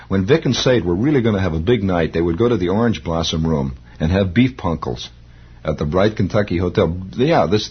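On a lo-fi old radio recording, a male host tells rambling, nostalgic stories, chuckling as he speaks. His voice is deep and slightly rough.

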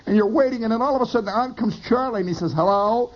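A man telling a rambling comic story in an animated, digressive way, on a lo-fi recording. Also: extremely high pitch, rapid-fire, a little hiss or hum. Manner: animated, digressive, bursts of laughter.

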